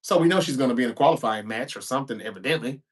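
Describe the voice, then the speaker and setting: A man's voice: mid-range voice, animated, racing. A man hosting a show, recapping a wrestling episode in a casual, chatty way with offhand asides.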